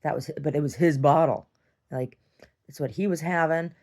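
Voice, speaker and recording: A woman's voice: low-pitched, normal speed, a little mellow. A young woman talking in a meandering video diary, full of "like"s, restarts and casual swearing. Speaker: video diarist. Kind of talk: rambling personal video diary.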